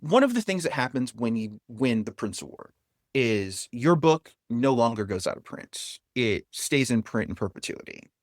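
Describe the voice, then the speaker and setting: A man being interviewed as a guest on a podcast, telling a story in a casual, animated way and chuckling now and then. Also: medium pitch, normal speed, no echo, studio quality. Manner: animated, chuckles through his stories.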